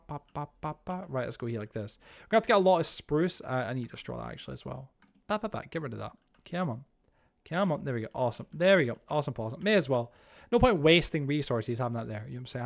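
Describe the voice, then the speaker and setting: Young guy streaming, talks super fast, kinda high voice, lots of uh and like. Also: vocal fry. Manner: chatty, reads chat aloud, many fillers and restarts. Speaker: game streamer. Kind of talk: live-stream chat while playing.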